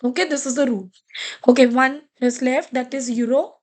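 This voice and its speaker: A woman with an Indian English accent, teaching a beginners' French lesson to children, repeating each word slowly and coaxing the class along. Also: high voice, steady tone. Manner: slow, repeats words and coaxes students.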